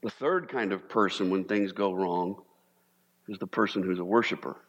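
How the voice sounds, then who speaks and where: A man preaching a sermon as pastor, animated, sometimes mimicking panicked voices for humor. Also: sits low, moderate pace, muffled recording. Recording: long reverb of a large hall.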